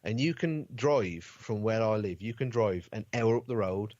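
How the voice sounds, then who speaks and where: A man's voice: lowish voice, normal speed, darkish tone. Black Country man, dull lo-fi mic. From Black Country, West Midlands, England. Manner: drops letters, slurs and speeds words. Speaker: podcast guest. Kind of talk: casual chat. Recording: dull lo-fi sound.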